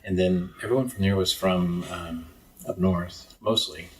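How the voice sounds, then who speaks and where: Podcast guest: low-voiced reflective man from East Texas, neutral accent, sits a bit off the mic. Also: steady tone, measured pace, distant mic, low-quality recording. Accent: neutral American, faint Texas trace. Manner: earnest, reflective storyteller. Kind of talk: casual conversation.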